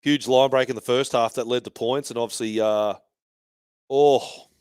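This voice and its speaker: A man's voice: medium pitch, fairly even intonation, normal speed, darkish tone, clean tone, no room sound, studio quality. A man hosting a fan live stream from a bar, giving casual, sweary match commentary and banter.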